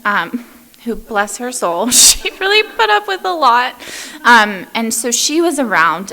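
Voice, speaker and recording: Bright-voiced woman telling her recovery story. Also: mid-range voice. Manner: casual, many fillers like "um" and "like". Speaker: AA speaker.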